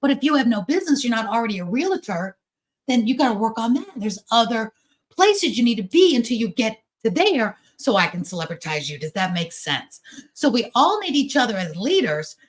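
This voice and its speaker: A woman giving a chatty, animated motivational talk over a video call, acting out the voices of people she quotes. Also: a little high, brisk. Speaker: guest speaker at a business event.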